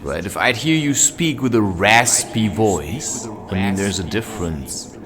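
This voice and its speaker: This man's voice is fairly low and animated, moving at a measured pace over background crowd noise. He films himself on a handheld camera while strolling a nighttime forest, drifting through spiritual thoughts and cutting himself off mid-idea.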